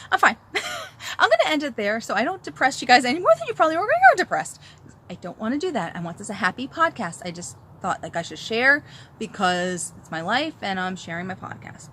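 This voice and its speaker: Bright-voiced chatty woman podcaster. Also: lowish voice, animated, fairly quick, a little hiss or hum. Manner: chatty, rambling, self-interrupting. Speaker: knitting podcast host and designer. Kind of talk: casual chat. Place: outdoors at home.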